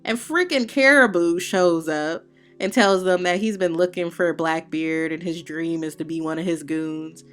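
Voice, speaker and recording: Low-voiced woman recapping manga casually. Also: unhurried. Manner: slangy and opinionated, with playful heckling asides. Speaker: manga review host. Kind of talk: casual spoken chapter recap.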